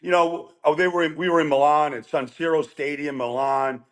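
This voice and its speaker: A middle-aged man telling animated, rambling stories as a guest on a chat show. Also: fairly high pitch, normal speed. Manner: animated, rambling with restarts and quoted voices. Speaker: guest storyteller. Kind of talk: casual storytelling chat.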